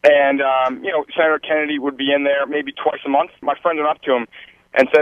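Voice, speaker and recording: Male caller, relaxed storyteller, dry, tinny phone sound. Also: mid-range voice, brisk, dry recording. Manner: storytelling, briefly mimics others. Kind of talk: phone-in anecdote.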